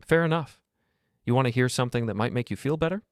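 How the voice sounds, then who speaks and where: A man's voice: medium pitch, quick pace, smooth, no room sound, clean studio sound, pitched above the performer's own voice, natural voice. A man voicing a loyal male friend in a story, blunt and matter-of-fact.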